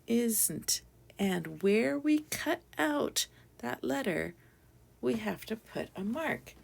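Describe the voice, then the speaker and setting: Slow, gravelly-voiced woman teaching phonics. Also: fairly high pitch, very animated. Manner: patient, sounds out letters and syllables one by one. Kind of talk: slow phonics lesson for young children.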